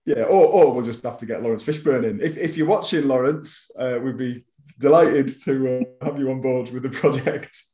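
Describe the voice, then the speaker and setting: Wigan bloke rambling about his books, warm mellow voice, echoey room, trips over his words. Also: medium pitch, moderate pace. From Wigan, England. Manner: chatty, self-deprecating, frequent stammered restarts. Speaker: author guest. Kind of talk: casual interview chat.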